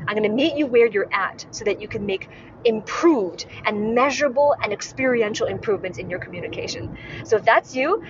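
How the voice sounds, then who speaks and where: A woman from Hong Kong, a communication coach, speaking straight to the camera and repeating her key points with rhetorical questions. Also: medium pitch. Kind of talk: direct-to-camera coaching video. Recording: dull muffled sound with clear background noise.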